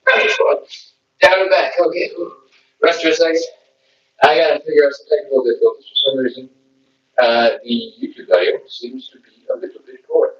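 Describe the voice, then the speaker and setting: A man's voice: medium pitch, fairly bright tone, slight background noise. A man coaching a live follow-along stretching workout, chatting casually and counting out reps as he goes. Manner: chatty, self-mocking, counts reps aloud. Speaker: stretching instructor. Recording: roomy, distant, dull lo-fi.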